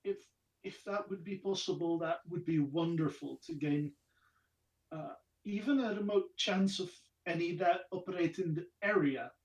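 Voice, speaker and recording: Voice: mid-range voice, moderate pace, distant mic, rough recording. A player speaking in character in a tabletop game, polite and hesitant, often repeating the first words.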